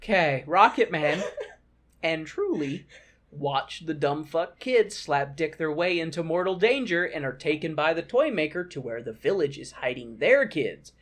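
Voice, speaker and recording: A man in his thirties co-hosting a podcast, recapping a movie in an animated, profane rant. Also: a little high, unhurried. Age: 30s. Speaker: podcast co-host.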